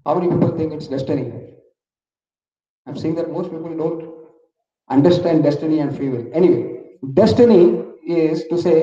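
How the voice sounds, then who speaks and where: A man's voice: fairly high pitch, normal speed, dark tone. A man with an Indian English accent giving a motivational talk, telling a story and asking the audience questions. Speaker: motivational speaker. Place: large hall. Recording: echoey hall from far off, dull.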